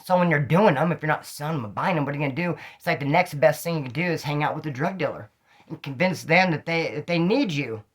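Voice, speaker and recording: A man telling stories from his own street life in casual slang, animated and acting out the dialogue. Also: on the high side, fast. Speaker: storyteller recounting street life. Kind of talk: casual storytelling monologue.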